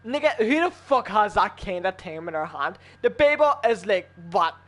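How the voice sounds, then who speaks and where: A man's voice: high voice, sing-song, normal speed, few pauses, fairly bright tone. A man in a casual chat while gaming with friends, arguing heatedly and swearing a lot. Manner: heated, profane, argumentative.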